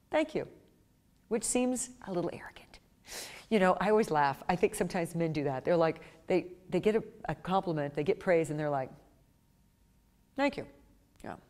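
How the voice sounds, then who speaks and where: A woman's voice: fairly low pitch, darkish tone, in a large hall. A woman giving a live seminar to pet-business owners, acting out little quoted exchanges as she goes.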